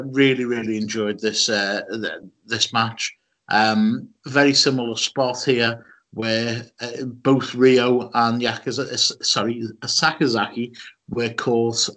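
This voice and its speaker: A man's voice: medium pitch, fairly bright tone. A man with a Scouse accent co-hosting a podcast, talking casually with many ums and restarts. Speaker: podcast co-host. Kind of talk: casual chat.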